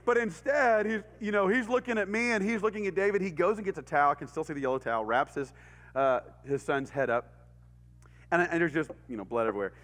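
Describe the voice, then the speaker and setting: A middle-aged man with a Texan accent, a pastor telling a story in a sermon, animated, acting out voices and sound effects and laughing often. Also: sits high, quick pace. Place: church hall. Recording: reverberant church hall.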